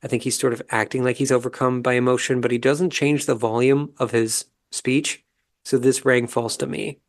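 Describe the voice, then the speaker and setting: A man hosting a podcast, giving a calm, measured, analytical commentary as he recaps a reality show episode. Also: medium pitch. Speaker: podcast host.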